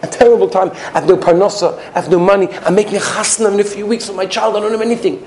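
A man's voice: high-pitched, steady tone, very fast, a little mellow, slight background noise, natural voice. A man voicing a desperate poor man begging an old friend for help. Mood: pleading. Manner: pleading, downcast. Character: poor middle-aged man, desperate and pleading.

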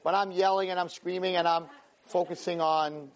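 A man, a rabbi and teacher, telling a story in a Torah class, animated and self-mocking, sprinkling in Hebrew and Yiddish words. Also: high voice, moderate pace, heavy background noise.

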